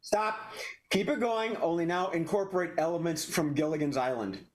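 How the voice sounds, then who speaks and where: A man's voice: a little high, normal speed. A man hosting an online improv comedy show, announcing games and scene prompts in a jokey way. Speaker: improv game host.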